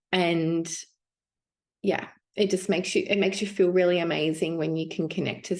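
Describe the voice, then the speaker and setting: A woman giving a casual spiritual teaching, musing aloud with fillers and restarts. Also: mid-range voice.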